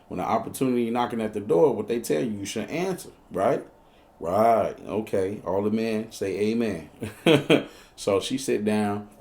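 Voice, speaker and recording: A man's voice: vocal fry, darkish tone. Slangy Chicago man telling a wild story. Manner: slangy and profane, acting out both sides of the dialogue; breaks into high, squeaky outbursts when telling panicked moments. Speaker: storyteller host. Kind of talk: casual comedic storytelling.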